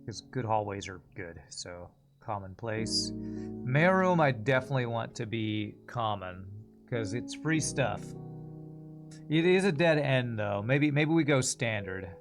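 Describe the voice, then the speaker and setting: A man's voice: mid-range voice, animated, measured pace, over music. A man streaming a puzzle game, thinking aloud and mumbling as he weighs his choices in casual commentary. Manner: musing aloud, mumbling while deciding.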